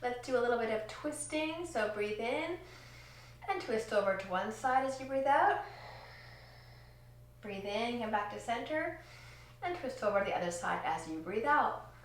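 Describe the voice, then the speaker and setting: A woman teaching a children's yoga class, giving gentle, encouraging cues in time with slow breaths. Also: fairly high pitch, animated, slight background noise. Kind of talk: guided kids yoga lesson. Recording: echoey room, distant from mic.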